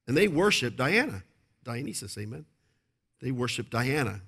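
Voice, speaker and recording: A man's voice: medium pitch, sing-song, moderate pace, fairly bright tone, slightly rough. A male pastor preaching a sermon, emphatic and repetitive, often asking the congregation to agree.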